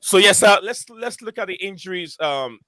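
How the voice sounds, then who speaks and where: Man, bright clear voice, dry close sound, hesitant casual host, lots of fillers. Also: high voice, expressive, moderate pace, no room sound. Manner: hesitant, many fillers, reads chat names. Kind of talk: casual live-stream chat.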